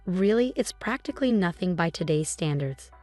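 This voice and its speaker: A woman's voice: lowish voice, expressive, normal speed, a little mellow, faint music behind, lightly acted. A woman voicing a pushy, scheming older mother-in-law who talks in a sweetly insistent, dismissive way.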